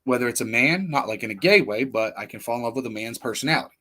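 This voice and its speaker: A man's voice: medium pitch, expressive, fast talker, sharp tone. A man hosting a livestream, telling personal stories in a rambling, blunt, profane casual monologue. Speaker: livestream host.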